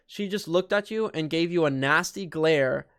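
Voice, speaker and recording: A man's voice: fairly high pitch, moderate pace, a bit bright, clean tone, no echo, studio quality. A young man reading a fan story aloud, breaking off for joking, sarcastic asides. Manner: joking, sarcastic asides and mock-dramatic voices. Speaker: YouTuber.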